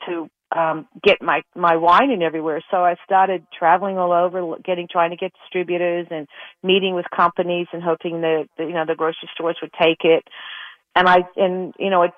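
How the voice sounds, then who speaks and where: A woman's voice: on the low side, dry recording. Woman guest, middle-aged, rambling and emotional; dry, tinny phone sound. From Australia. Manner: rambling with many restarts, emotional. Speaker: guest, retired pro golfer. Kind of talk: casual storytelling in an interview.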